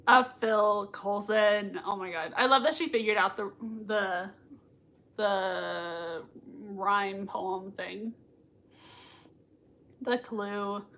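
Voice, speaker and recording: A woman hosting a live reaction stream at home. She gushes excitedly, laughs often, and reads out viewer comments between her own reactions. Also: mid-range voice, extremely slow, pauses often. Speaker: livestream reaction host.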